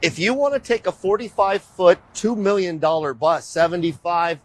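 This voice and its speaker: Walking his viewers around, a middle-aged show host talks to them casually and energetically, rambling in an animated way and repeatedly saying "you guys." His voice is high-pitched at a normal pace, and the audio is poor.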